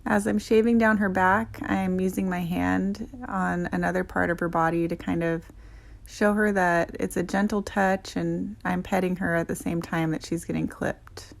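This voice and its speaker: A young adult woman, a dog groomer, giving gentle, chatty voice-over narration that explains her work. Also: lowish voice, steady tone, moderate pace, vocal fry.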